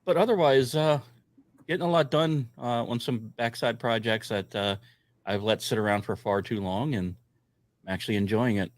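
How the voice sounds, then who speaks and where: A man's voice: mid-range voice, normal speed, no echo. Joking, hesitant man on a panel show. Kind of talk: casual panel chat.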